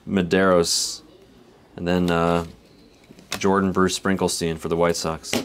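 Low-voiced guy rambling on a card-break stream, chuckles a lot, faint hiss behind him. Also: level tone, measured pace. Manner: rambling, laid-back, chuckles between remarks, reads card names aloud. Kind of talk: casual live-stream chat while opening cards.

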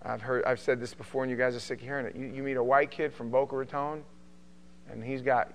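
A middle-aged man from New York with a New York accent, teaching a Bible study in a joking, animated way. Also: medium pitch, fast, a little hiss or hum. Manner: joking, animated, does mocking voices. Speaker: pastor.

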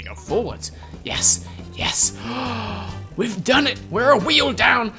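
Male gaming host, lively jokey delivery, swears a lot, faint music behind. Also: high-pitched. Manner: joking, rambling, swears freely. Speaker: gameplay commentator. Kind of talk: let's play commentary.

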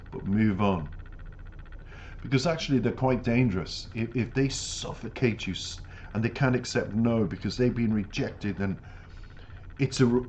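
Man with a lowish voice reacting to a pop song, earnest advice-giving, kinda dull lo-fi sound w/ faint hiss. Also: a little mellow. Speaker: music reaction channel host. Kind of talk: reflective commentary with life advice. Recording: dull lo-fi audio with faint noise.

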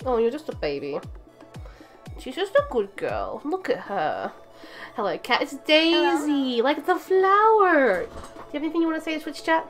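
Brief: woman live-streamer, slightly high voice, chatty and easily distracted, faint music under. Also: wildly swooping pitch, normal speed, fairly bright tone. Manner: chatty, easily distracted, rambling with fillers and restarts. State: out of breath. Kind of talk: casual live-stream chat.

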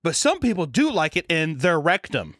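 A man's voice: fairly high pitch, very animated, normal speed, a bit bright, no echo, clean studio sound, voice pushed up. A man imitating a blunt female health teacher who rants frankly through a lecture. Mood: ranting, blunt.

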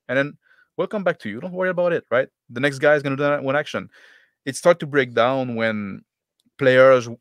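A man's voice: medium pitch, dry recording, studio quality. A man on a gaming panel in casual chat, explaining at length and ending his points with "right?". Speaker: panelist game master.

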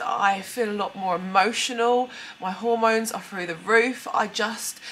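A woman's voice: medium pitch, a bit bright, slight background noise. A young British woman chatting candidly to camera at home, emotional and a little tearful. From United Kingdom. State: tearful, runny nose. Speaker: beauty vlogger. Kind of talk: casual chat to camera. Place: at home, indoors.

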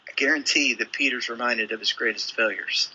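Male preacher, very bright and breathy tone, storytelling delivery with acted-out quotes. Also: mid-range voice, a little fast, dull audio. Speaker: pastor. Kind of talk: sermon.

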